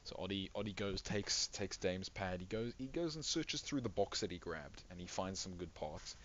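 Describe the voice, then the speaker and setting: A man's voice: sits low, lively intonation, moderate pace, fairly bright tone, lo-fi sound, a little hiss or hum. A man running a tabletop game, narrating in a rambling, restarting way over voice chat. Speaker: game master.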